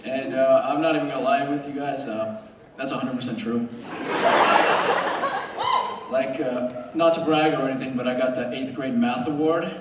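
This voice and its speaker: A man's voice: medium pitch, steady tone, normal speed, pauses often, heavy background noise. A teenage boy doing a rambling, self-mocking stand-up comedy set at a school show. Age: teens. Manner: casual, rambling, self-mocking, with brief put-on voices. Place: school auditorium stage. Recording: very echoey hall recorded from far off.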